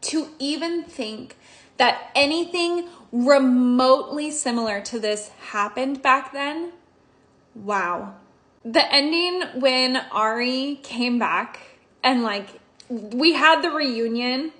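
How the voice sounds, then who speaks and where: A high-pitched young woman chats through a book review with a bright, ringing voice. She gushes emotionally and swears casually, like a friend recounting a novel she loved. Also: slow pace.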